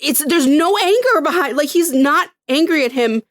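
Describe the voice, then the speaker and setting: A woman's voice: high-pitched, expressive, normal speed, no room sound, studio quality. Chatty young woman on a podcast. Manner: chatty, analytical, peppered with 'like'. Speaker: podcast co-host. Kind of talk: casual chat.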